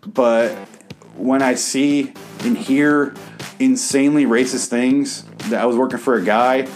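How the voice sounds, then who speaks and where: Midwest-raised male comedy host, mid-pitched, sarcastic and foul-mouthed rant, faint music under him. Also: steady tone, a little slow, darkish tone. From American Midwest. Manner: sarcastic, profane, bitter ranting. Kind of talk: reading his own writing aloud, then improvised rant.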